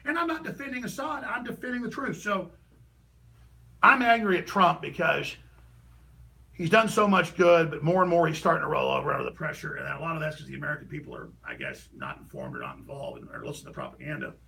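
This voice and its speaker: A man delivering an impassioned, ranting political monologue as a talk show host, heated and rapid with sudden bursts of shouting. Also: on the high side, lively intonation, gravelly, distant mic, low-quality recording.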